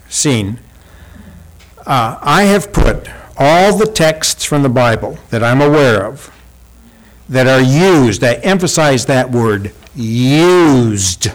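A man preaching a sermon in a church hall. He talks emphatically and asks the congregation rhetorical questions. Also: medium pitch. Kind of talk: sermon with visual aids.

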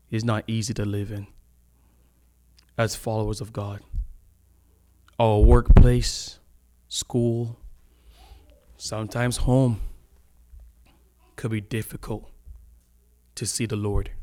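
A man's voice: on the low side, darkish tone. A man preaching a sermon in a church, talking in a loose conversational way, laughing often and stretching out the words he wants to stress.

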